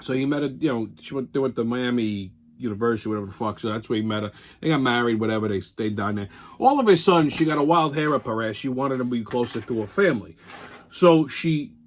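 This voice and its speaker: A man hosting a show, telling stories in a profane, animated way and laughing as he goes. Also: mid-range voice, fast talker. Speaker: host. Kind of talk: casual monologue with storytelling.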